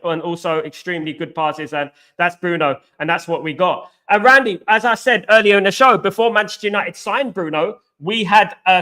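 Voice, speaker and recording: A young man hosting a casual football live stream, greeting viewers by name and repeating himself, his voice going hoarse. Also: high-pitched, sharp tone. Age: young adult.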